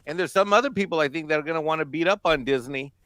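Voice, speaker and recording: A man's voice: on the high side, racing, fairly bright tone, no echo. A man co-hosting a casual panel discussion, rambling with many fillers and laughing at times. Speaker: co-host.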